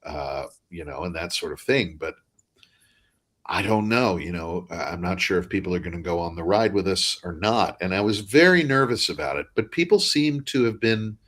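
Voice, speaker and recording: A man, an audiobook narrator, talking casually in a live online interview, animated and self-deprecating. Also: deep voice, moderate pace. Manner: animated, self-deprecating, drops into joking mock accents. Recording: live online video chat.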